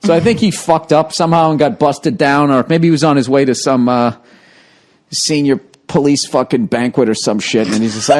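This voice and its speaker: A man's voice: medium pitch, fairly quick. A man hosting a podcast, telling a story in casual chat, swearing freely and often breaking into laughter. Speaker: podcast host.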